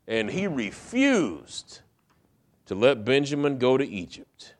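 A man's voice: medium pitch, big pitch swings, slow. A middle-aged male preacher retelling a story in a casual, conversational way, acting out the characters' lines. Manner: casual retelling with acted-out quotes. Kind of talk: storytelling sermon.

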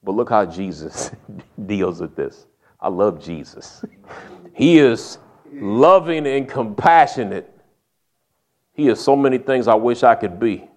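A man's voice: lowish voice, animated, takes it slowly, pauses often. Folksy male preacher. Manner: folksy storytelling with humor. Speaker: pastor. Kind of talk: sermon.

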